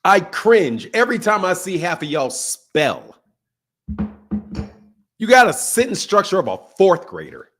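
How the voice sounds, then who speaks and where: A middle-aged man hosting a boxing program delivers a profanity-laced rant that mocks the people criticizing him. He speaks a little slowly with frequent pauses over soft background music, his fairly high voice leaping in pitch as it shifts from loud eruptions to quiet mutters.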